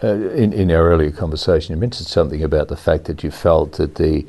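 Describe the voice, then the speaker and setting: A man's voice: very deep voice, quick pace, dark tone. A man hosting a radio interview, asking questions and murmuring frequent agreement. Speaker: radio program host.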